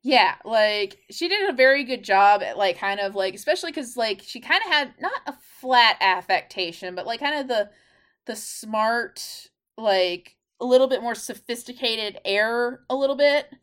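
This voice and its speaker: A woman's voice: fairly high pitch, lively intonation, moderate pace, fairly bright tone, clean tone. A woman co-hosting a podcast in casual chat, talking loosely with lots of "like" fillers. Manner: chatty, heavy use of "like" fillers. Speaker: podcast co-host.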